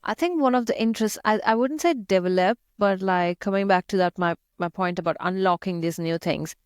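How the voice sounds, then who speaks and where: A woman's voice: mid-range voice, brisk, clear, resonant tone, dry recording, clean studio sound. A young woman from India with an Indian accent, chatting as an interview guest, laughing often and using many fillers. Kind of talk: casual interview chat.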